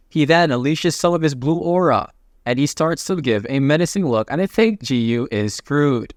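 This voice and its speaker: A man narrating a comic recap in a casual, jokey play-by-play with quick asides. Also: a little high, expressive, no echo, studio quality.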